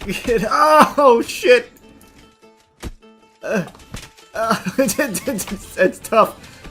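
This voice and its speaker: High-pitched yelling gamer guy. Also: drawn-out words, long pauses, breathy edge, soft background music. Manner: yelling and laughing in bursts, swearing, deadpan asides. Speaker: gaming streamer. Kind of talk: live gameplay commentary.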